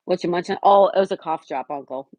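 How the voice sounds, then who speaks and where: Chatty woman streamer, slightly low voice. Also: no echo. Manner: chatty, greets and answers viewers by name, sometimes drops to a soft whisper. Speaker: live streamer reading viewer chat. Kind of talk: casual live-stream chat.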